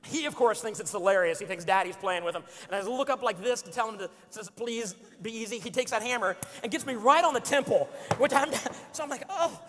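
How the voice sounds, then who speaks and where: A man in his forties telling an animated, joking story to a church congregation. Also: sits high, quick pace. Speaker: speaker. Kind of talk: storytelling sermon. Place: church auditorium. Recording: long hall reverb in a church.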